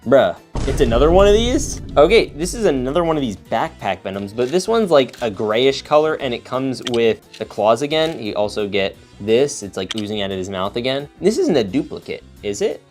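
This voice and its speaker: A young man hosting a casual toy unboxing, talking in an excitable, slangy way as he reacts while building. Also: mid-range voice, moderate pace, hardly any pauses, soft background music.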